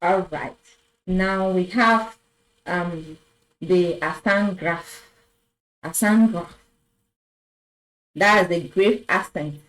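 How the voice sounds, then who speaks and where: Slow, patient woman teaching French. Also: on the low side, soft background music, low-quality recording. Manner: patient, repeats words slowly, says "très bien" often. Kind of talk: slow classroom lesson at a board. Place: classroom with a board.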